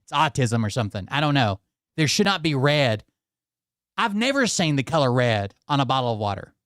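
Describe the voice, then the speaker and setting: A man's voice: mid-range voice, sing-song, fairly quick, fairly bright tone, no echo, clean studio sound. A male channel host ranting casually to his viewers, exasperated and swearing often as he talks straight to them. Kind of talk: casual profane rant to viewers.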